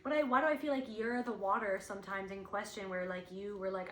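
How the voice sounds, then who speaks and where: A woman's voice: medium pitch, brisk, few pauses, a bit bright, reverberant, slight background noise, poor audio. A woman giving an intuitive spiritual reading, thinking aloud in a searching, rambling way, with lots of "like". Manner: searching, rambling, heavy use of "like".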